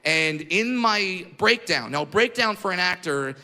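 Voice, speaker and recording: A man doing a stand-up comedy routine live, ranting loudly and often breaking into shouts. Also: sits high, lively intonation, unhurried. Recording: echoey hall with crowd noise.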